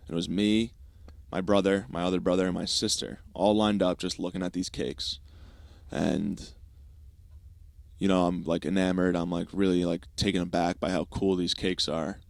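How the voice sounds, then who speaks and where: A young man hosting a podcast, telling a comic story in a profane, animated style and acting out quick asides. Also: deep voice, creaky, dry recording. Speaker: podcast host. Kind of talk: comedic storytelling monologue.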